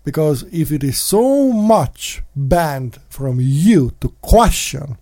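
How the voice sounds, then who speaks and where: A man hosting a casual commentary monologue, sarcastic, mocking in put-on voices and breaking into sudden shouts. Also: fairly high pitch, sing-song, slow pace. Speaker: podcast host.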